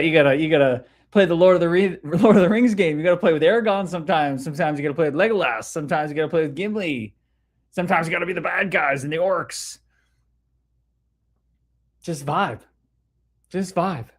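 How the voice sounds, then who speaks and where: A man hosting a livestream in a casual, laid-back way, talking about spirituality and greeting viewers by name as he reads their comments. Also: fairly high pitch. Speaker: livestream host.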